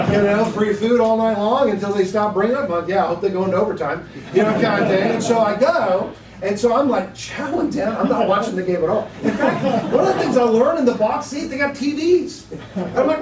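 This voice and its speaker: A man teaching apologetics in a relaxed class, telling an anecdote with laughs and acted-out dialogue. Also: sits high. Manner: chatty, laughing storyteller, acts out dialogue. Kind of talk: casual classroom talk with anecdotes. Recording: echoey room, mic at a distance.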